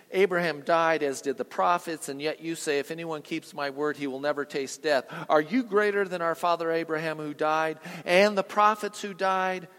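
A pastor preaching a sermon, swinging from hushed passages to booming climaxes and quizzing the congregation. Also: male voice, big-room sound. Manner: asks the congregation questions.

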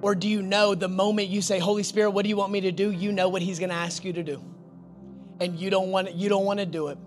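A young adult man preaching a sermon as pastor, animated, moving between loud urging and hushed intensity. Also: high-pitched, fast, faint music behind.

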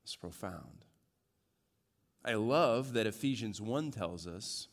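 A man's voice: lowish voice, animated, slow pace, pauses often. Man preaching a sermon in a reverberant hall. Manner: swings from loud joking asides to hushed earnest stress. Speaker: pastor.

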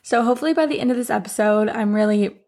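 Groggy, raspy-voiced young woman podcaster. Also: a little high, fast, a little mellow. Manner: chatty, candid, frequent fillers. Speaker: podcast host and life coach. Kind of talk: casual solo podcast chat. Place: home room with heater and humidifier running.

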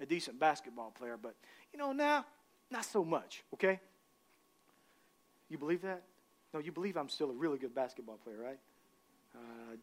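High-voiced pastor preaching a lively sermon. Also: male voice. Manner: energetic, humorous storytelling, rising to shouted emphasis.

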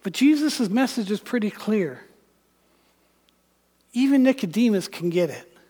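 A man preaching a sermon, retelling a scripture story with animated, rising passages and voiced characters. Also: high voice, unhurried. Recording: long church reverb.

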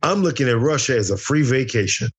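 A man's voice: medium pitch, lively intonation, quick pace, breathy edge. A middle-aged American man telling a wild story as an interview guest, boisterous and profane, acting out the dialogue. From United States. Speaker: interview guest, former fighter.

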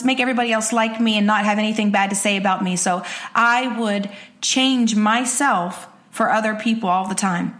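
A woman in her forties with a fairly high voice gives a motivational solo talk. She sounds energetic and candid. She drives her points home by repeating her phrases. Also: normal speed. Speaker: podcast host.

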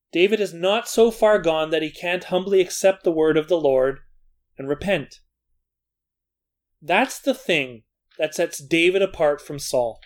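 A man teaching a Bible lesson in an earnest, scripted way, with self-deprecating asides. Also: high-pitched. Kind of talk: scripted Bible study narration.

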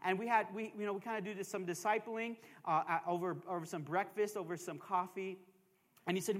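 A man's voice: high voice, fast talker, a bit bright. A man preaching a sermon as pastor, emphatic and conversational, with joking asides and call-and-response. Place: church sanctuary. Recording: long reverb of a church hall.

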